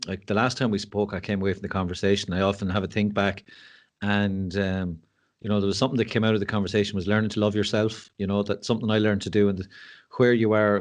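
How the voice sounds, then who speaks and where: An Irish man in his fifties, a guest on a podcast, telling stories in candid, casual chat with a quick laugh. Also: fairly low pitch. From Ireland. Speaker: guest, mental health speaker.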